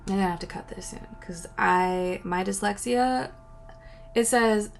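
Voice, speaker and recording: Gravelly-voiced woman chatting casually. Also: medium pitch, a little slow, faint music behind. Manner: rambling, giggly, self-interrupting, often trailing into soft whispers. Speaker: vlogger answering viewer questions. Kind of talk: casual solo Q&A chat. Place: at home by a window.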